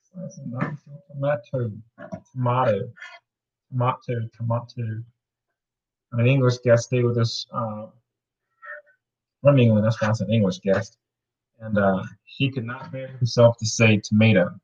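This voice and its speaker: A man hosting a home cooking video, talking viewers through each step in a relaxed, rambling way with playful wordplay. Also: medium pitch, normal speed, dull audio. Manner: chatty, rambling, plays with words. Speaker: cooking show host. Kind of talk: casual cooking demonstration.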